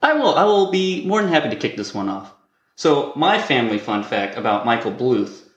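A man's voice: mid-range voice, sing-song, moderate pace, echoey room. A man co-hosting a podcast in casual banter, joking around, laughing often and swearing casually. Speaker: podcast co-host.

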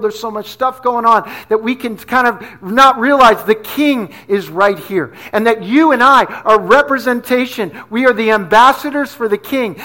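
A man's voice: high voice, sharp tone. A middle-aged man from New Jersey preaching a sermon in a conversational, storytelling way, often asking "right?". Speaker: pastor.

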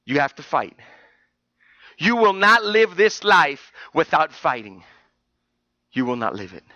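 A pastor preaching a sermon in church, moving between quiet talk and loud, emotional preaching. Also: male voice, fairly high pitch, big pitch swings, unhurried, no room sound, dull audio.

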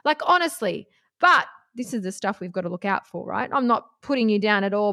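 A woman's voice: mid-range voice, expressive, brisk, sharp tone. A woman talking bluntly and passionately as she gives relationship advice, swearing freely along the way. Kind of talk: casual advice monologue.

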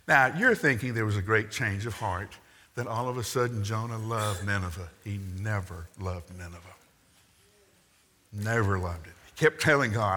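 A man's voice: fairly low pitch, moderate pace, pushed and bright. A man preaching a sermon, telling the story with wry asides and acting out the quotes. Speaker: pastor. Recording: long reverb in a large hall.

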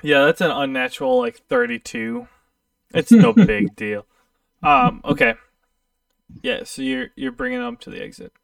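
A man running a tabletop game as game master, relaxed and full of ums. His voice is very high with a heavy gravelly fry, and his pitch moves around a lot. He is recorded dry and some way off the mic. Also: moderate pace, dry recording, far from the mic. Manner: relaxed, hesitant, filler-heavy.

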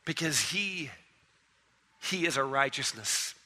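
A man preaching a sermon, retelling stories in an animated way and acting out their characters. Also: medium pitch, slow, in a large hall. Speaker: pastor.

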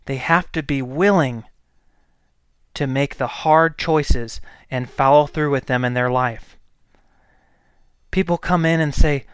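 Blunt, exasperated man with a smooth voice. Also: mid-range voice, slow, long pauses, no room sound, studio quality. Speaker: healthcare provider. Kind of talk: opinion monologue.

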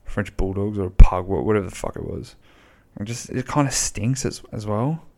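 A man's voice: fairly low pitch, moderate pace, darkish tone. A man, chatting casually and bluntly on his own podcast, rambling and swearing freely. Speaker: podcast host. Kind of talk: casual solo podcast chat.

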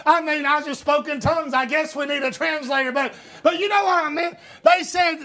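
A man preaching a sermon as pastor. He swings between loud shouted preaching and quieter storytelling. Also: very high voice, moderate pace, hardly any pauses. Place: church.

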